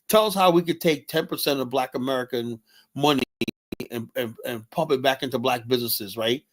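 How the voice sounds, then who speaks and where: A man hosting a show, ranting bluntly and angrily with profanity and constant "you know"s. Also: medium pitch. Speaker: host. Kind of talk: casual ranting commentary.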